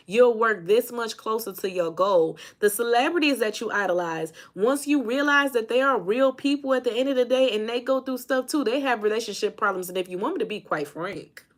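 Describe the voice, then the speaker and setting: A fairly high-voiced woman from Indiana talks to her viewers in a casual, motivational vlog. She is emphatic, leans on repeated phrases and says y'all, speaking as a life coach. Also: a bit bright. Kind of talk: casual motivational talk to camera.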